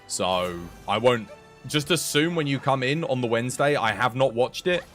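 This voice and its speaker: A man's voice: mid-range voice, animated, moderate pace, a bit bright, faint music behind. A man from the United Kingdom with a British English accent, a game streamer talking casually and sarcastically in a joking, rambling way. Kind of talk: casual live-stream chat.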